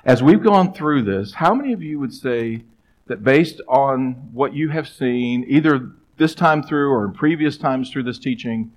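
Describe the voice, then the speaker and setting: A middle-aged man preaching a sermon as pastor, conversational and emphatic, with pauses and stressed phrases. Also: mid-range voice, lively intonation, poor audio.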